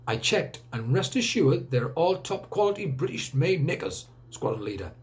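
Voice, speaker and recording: A man's voice: on the high side, sing-song, moderate pace. A man voicing an elderly grandfather who gives orders like a wartime officer. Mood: commanding. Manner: commanding, rallying, mock-military. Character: old man, bossy wartime commander type.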